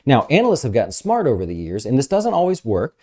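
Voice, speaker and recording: A man giving casual, energetic market commentary as an investment advisor host, talking fast with fillers. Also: medium pitch.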